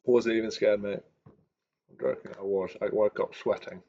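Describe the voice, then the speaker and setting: Gravelly young man muttering to himself. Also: fairly low pitch, steady tone, normal speed, warm tone. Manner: mutters to himself, chatty asides. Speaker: day trader streaming live. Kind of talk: thinking aloud while trading. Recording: dull lo-fi recording.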